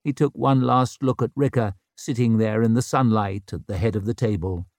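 A man narrating an audiobook in an expressive, wry storytelling manner. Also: lowish voice, normal speed, no room sound, studio quality. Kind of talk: scripted narration.

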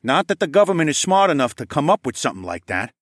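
A man plays a gruff, paranoid man in a trench coat, grumbling and swearing in a storybook reading. His voice sits a bit above the narrator's own and is delivered close and dry. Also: fairly high pitch, big pitch swings, fast talker, fairly bright tone, no echo, voice pushed up.

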